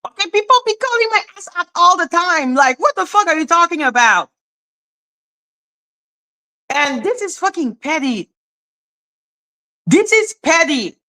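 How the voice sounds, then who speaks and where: A woman hosting a casual live stream, bluntly scolding her chat with profanity and sudden swings between high exclaims and low asides. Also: sing-song, measured pace, pauses often, pushed and bright. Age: adult, former high school teacher.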